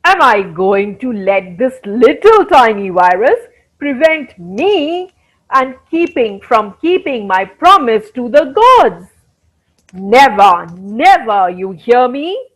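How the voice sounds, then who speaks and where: A woman voicing a stubborn, hot-tempered middle-aged village man with a low growling voice, in a storybook reading for children. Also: big pitch swings, takes it slowly, few pauses, slightly rough, full character voice. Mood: angry growl. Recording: dull lo-fi recording.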